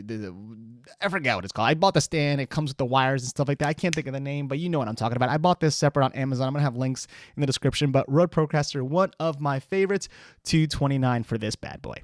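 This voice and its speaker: A man's voice: mid-range voice, dry recording. Guy doing a laid-back mic review, talking right up on a studio mic, dead dry sound. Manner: chatty and relaxed, direct to viewers. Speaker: microphone review host. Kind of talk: casual product review talk. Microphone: close studio microphone.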